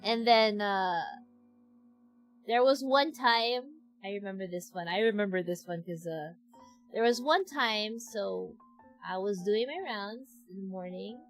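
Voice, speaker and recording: A woman's voice: medium pitch, unhurried, faint music behind, rough recording. A young woman, a doctor chatting casually on stream and rambling through a story with many restarts.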